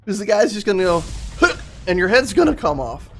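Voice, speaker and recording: A young man giving rambling, excitable, profane commentary while streaming a game. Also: sits high, fast talker, a little hiss or hum. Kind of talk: casual let's-play commentary.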